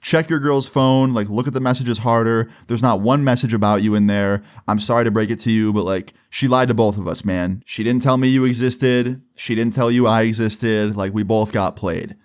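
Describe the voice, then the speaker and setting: A man voicing a calm teenage friend who talks in laid-back slang and tries to settle things down. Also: mid-range voice, moderate pace, hardly any pauses, clean tone, natural voice. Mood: pleading.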